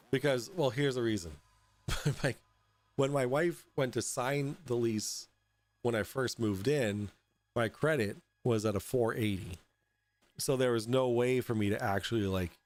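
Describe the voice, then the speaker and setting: A young adult man hosting a casual livestream from home, tipsy, rambling and halting with lots of fillers and swearing. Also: medium pitch, darkish tone. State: tipsy from drinking. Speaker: host. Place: at home in an apartment.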